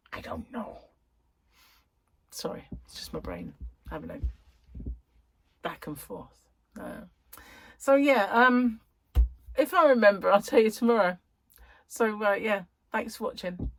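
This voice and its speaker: A woman's voice: mid-range voice, gravelly. A middle-aged woman hosting a crochet vlog, chatting casually to camera in a rambling way, with lots of ums and self-corrections.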